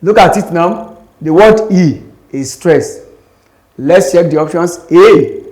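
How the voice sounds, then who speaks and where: A man's voice: fairly high pitch, lively intonation, takes it slowly, long pauses, a little mellow. A man with a Nigerian English accent teaching an exam-prep lesson, explaining step by step and repeating the key points. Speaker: exam tutor. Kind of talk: classroom lesson.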